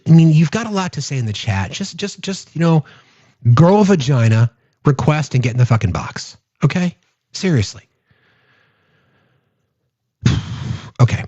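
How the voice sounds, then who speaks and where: A man's voice: medium pitch, lively intonation, moderate pace, long pauses, mellow, dry recording, muffled recording. Exasperated man ranting on a stream. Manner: exasperated, sarcastic, rhetorical questions. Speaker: political commentary host. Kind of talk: live-stream political commentary.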